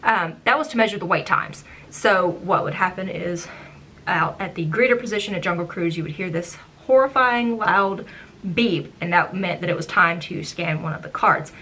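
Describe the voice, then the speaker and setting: Woman, 20s, casual storytelling vlog, bright tense voice, chatty filler words, animated retelling. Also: fairly low pitch, normal speed, slight background noise. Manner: animated, acts out her own past reactions; chatty, with frequent "like" and "um". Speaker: former theme park ride guide.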